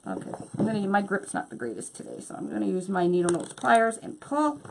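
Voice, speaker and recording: A woman's voice: mid-range voice, big pitch swings, a little fast, creaky, a little hiss or hum. A woman hosting a craft tutorial, chatty and bubbly as she explains each step while working. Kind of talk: hands-on craft demonstration.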